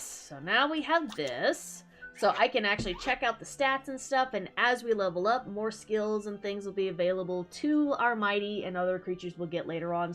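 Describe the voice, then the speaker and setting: A woman's voice: mid-range voice, a bit bright. A woman streamer giving casual, playful and self-mocking commentary while playing a game.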